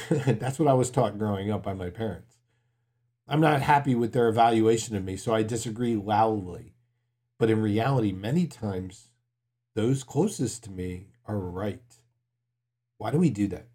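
A man in his forties preaching a sermon, earnest, mixing stories with quiet, emphatic points. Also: lowish voice, normal speed, long pauses, husky. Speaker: pastor.

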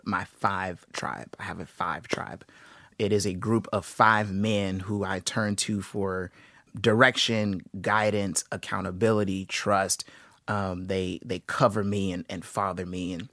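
Lively, low-voiced young man telling stories. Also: dry recording, studio quality. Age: 20s. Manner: animated and enthusiastic, with playful asides. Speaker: podcast host. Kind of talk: casual storytelling monologue.

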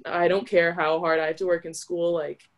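Speaking as an interview guest, a college volleyball player in young adulthood recounts her story in a relaxed, talkative way, saying "like" again and again. She speaks with a lowish, flat voice at a moderate pace.

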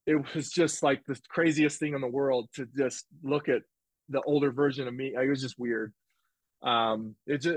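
A man telling a personal story in a casual interview, animated and rambling, with restarts and quoted dialogue. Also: mid-range voice, no echo, rough recording. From United States. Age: 20s. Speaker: guest, former football player. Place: home office.

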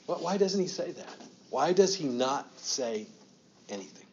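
A man's voice: on the high side, lively intonation, a little slow, slight background noise. Guy pastor walking through a bible passage, keeps asking questions, slightly dull lo-fi sound. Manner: questioning, acts out quoted lines with rising emphasis. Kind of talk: interactive Bible study teaching.

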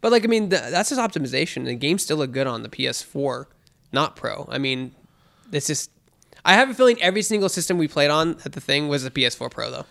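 Excitable, rambling man chatting casually. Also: on the high side, fast, creaky. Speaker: podcast co-host. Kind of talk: casual chat.

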